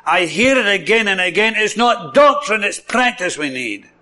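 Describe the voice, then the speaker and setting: A man's voice: high voice, expressive, moderate pace, sharp tone. A man with a Scottish accent preaching a sermon, enthusiastic, repeating words for emphasis and chuckling often.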